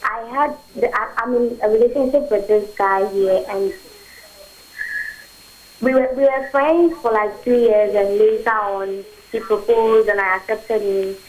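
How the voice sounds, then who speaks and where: A woman calling in to a talk show, speaking softly and hesitantly about her confusion. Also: medium pitch, measured pace, rough recording. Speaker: phone-in caller. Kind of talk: call-in confession.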